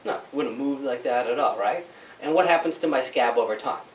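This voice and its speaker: Chiropractor lecturing in an echoey room. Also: male voice, mid-range voice, a little fast, slight background noise. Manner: conversational, keeps checking in with "all right?" and "right?"; animated storytelling with sound effects. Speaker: chiropractor giving a workshop. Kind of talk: informal health workshop talk. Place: office room with a small audience. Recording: echoey room, mic at a distance.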